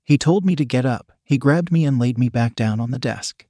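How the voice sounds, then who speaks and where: A man's voice: mid-range voice, normal speed, mellow, slightly rough, dry recording, clean studio sound. A man steadily reading a first-person erotic story aloud. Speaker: narrator.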